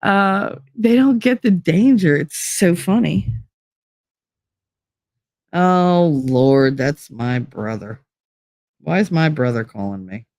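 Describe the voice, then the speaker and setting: A woman's voice: sits low, slow pace, long pauses, dry recording, clean studio sound. A middle-aged woman vlogging in casual chat, blunt and profane as she tells stories from home life. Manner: blunt, profane, animated storytelling.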